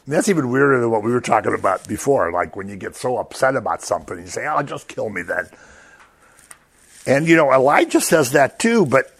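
Lively, animated man leading a Bible study. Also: mid-range voice, fast talker, few pauses, breathy edge. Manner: animated, acts out quoted lines in raised voices, chuckles often. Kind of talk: casual Bible study teaching.

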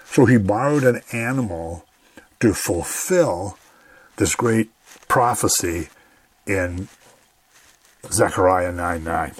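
A man's voice: deep voice, expressive, takes it slowly, pauses often, no echo. A man giving a radio Bible teaching in an earnest, conversational way, often saying "you know".

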